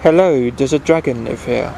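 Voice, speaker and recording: A kindly little traveller from a bedtime storybook, brave and endlessly curious, as a man puts him on. He coaxes and questions in a gravelly, fairly flat voice. Faint noise sits behind him. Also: mid-range voice, normal speed, close to an everyday voice, low-quality recording. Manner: inquisitive, gently coaxing.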